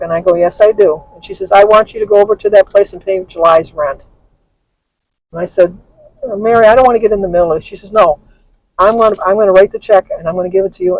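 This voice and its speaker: A woman's voice: medium pitch, darkish tone, dry recording, poor audio. An older woman vlogging from her car as she drives, venting bluntly and angrily and swearing freely. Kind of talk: venting personal story to camera. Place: in a car while driving.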